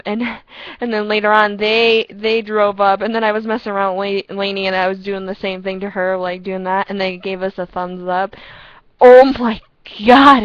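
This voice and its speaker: A young woman casually telling rambling, excitable stories to a friend over a headset, often breaking into laughter. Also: medium pitch, dry recording, highs cut off. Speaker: storyteller chatting with a friend. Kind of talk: casual storytelling chat. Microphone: earpiece headset.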